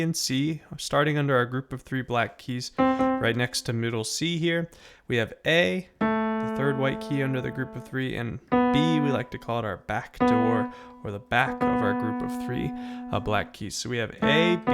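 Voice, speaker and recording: A man's voice: medium pitch, creaky. A man teaching a beginner piano lesson, patiently naming notes and counting aloud while encouraging his students.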